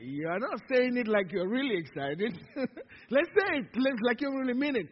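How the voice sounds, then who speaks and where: A man's voice: very high-pitched, big pitch swings, moderate pace. A male pastor preaching a sermon with call-and-response, stretching out words for emphasis. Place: church sanctuary. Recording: dull lo-fi sound in a reverberant church hall.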